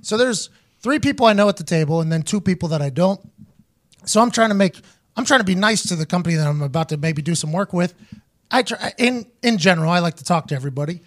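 A man in his thirties hosting a podcast, telling a story in casual chat, animated and profane, acting out the quotes. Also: sits high, quick pace. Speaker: podcast host.

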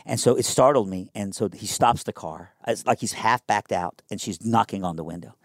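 A young man telling a personal story in a casual interview, animated and conversational with lots of fillers. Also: lowish voice, brisk, no room sound, studio quality.

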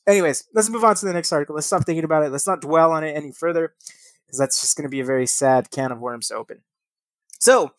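A young man reads news articles aloud on his podcast, breaking off to comment with casual swearing and laugh at his own stumbles. His voice sits a little high for a man, recorded close and dry with no room sound. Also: dry recording. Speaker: podcast host.

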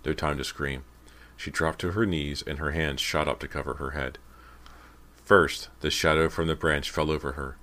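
A man narrates an audiobook in an extremely deep, low voice. His reading is measured and steady throughout. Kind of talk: scripted narration.

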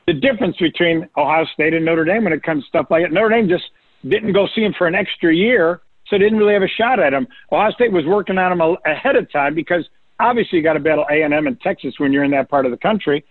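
A man's voice: fairly high pitch, dry recording. An older man in casual radio sports talk, telling stories and quoting coaches. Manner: storytelling, quotes coaches in a raised voice. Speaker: recruiting analyst guest. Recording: tinny phone-line radio audio.

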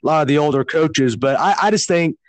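A male podcast host with a slightly high voice talks casually with his guest. He stumbles and repeats words as he goes. The recording is dry and close. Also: fairly quick, no echo. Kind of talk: casual interview chat.

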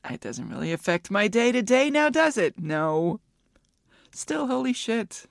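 A woman's voice: fairly high pitch, very animated, unhurried, creaky, dry recording, clean studio sound. A woman in her fifties hosting a solo podcast, rambling candidly and swearing freely as she thinks aloud. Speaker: podcast host. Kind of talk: casual solo podcast chat.

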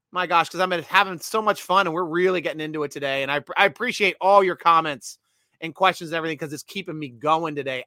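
High-voiced, bright, animated man hosting. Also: dry recording, studio quality. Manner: animated, laughs often, many restarts. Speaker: sports podcast host. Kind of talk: casual livestream chat reading comments.

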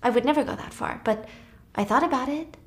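A woman voicing a shy, reclusive young woman who speaks softly, hesitant and apologetic. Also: sits high, fairly quick.

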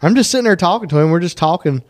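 A man talks in a fairly high voice as he hosts a relaxed podcast. He tells his stories with plenty of energy and breaks into laughter often. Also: rapid-fire. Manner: animated storyteller, laughs often. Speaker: podcast host. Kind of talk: casual chat.

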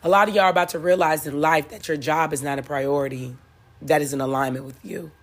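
A woman's voice: low-pitched, fairly even intonation, fast talker. A woman giving a blunt, profane motivational talk, repeating lines for emphasis and laughing at her own jokes. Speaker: spiritual motivational speaker. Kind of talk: preachy motivational monologue.

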